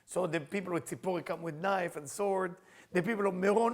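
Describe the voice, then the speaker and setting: A middle-aged man teaching a spiritual class in non-native English phrasing, animated and acting out the people he quotes. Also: sits high, a little fast, creaky. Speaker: Kabbalah teacher.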